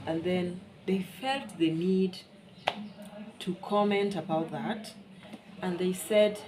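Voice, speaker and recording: A woman's voice: on the low side, slow pace, pauses often, darkish tone, a little hiss or hum, poor audio. A woman from Kenya with a Kenyan accent, talking frankly and bluntly in a casual vlog monologue. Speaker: vlogger.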